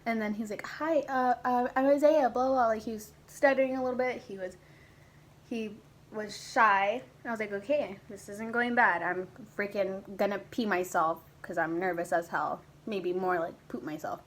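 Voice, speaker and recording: A young woman talking straight to her camera at home, telling a personal story in a loose, chatty way. Her pitch sits in the middle and her delivery is lively, with casual swearing and sudden squeaky impressions of herself. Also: normal speed, poor audio. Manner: animated, swearing, acts out her past self in high squeaky voices. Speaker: vlogger.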